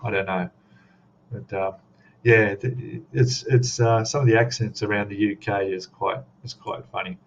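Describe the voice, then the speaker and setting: A man's voice: fairly low pitch, steady tone, unhurried. A man with an Australian accent chatting casually on a live stream as a scale model host, rambling and reading chat comments aloud. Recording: dull lo-fi stream audio with faint noise.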